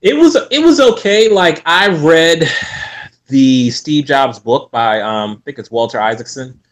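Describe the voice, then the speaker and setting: Relaxed man talking about films. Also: a little high, unhurried. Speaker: podcast guest. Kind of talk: casual film chat.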